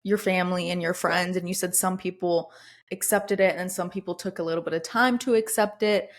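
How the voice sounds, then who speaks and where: Female podcast host; relaxed, friendly, gently probing. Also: lowish voice, brisk. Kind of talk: casual interview.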